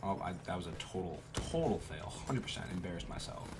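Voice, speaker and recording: A man giving profane, trash-talking commentary over a shooter game, with sudden loud outbursts. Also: low-pitched, expressive, brisk, heavy background noise. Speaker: gaming YouTuber. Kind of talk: gameplay commentary.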